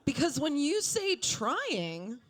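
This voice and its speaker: Slow-talking woman stand-up comic. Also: sits high. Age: 30s. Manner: deadpan asides, acts out quoted voices. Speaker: stand-up comedian. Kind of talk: stand-up comedy set. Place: comedy club stage with audience.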